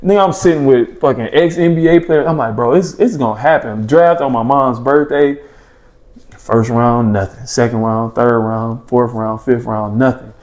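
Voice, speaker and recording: A young man telling stories on a podcast, easygoing and full of slang. His voice sits at an ordinary middle pitch, and he jumps into the voices of friends and of his younger self as he goes. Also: normal speed. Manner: animated storyteller, acts out his own past thoughts and friends' reactions, slangy. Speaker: podcast guest, former junior college basketball player. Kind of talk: casual storytelling in a podcast chat.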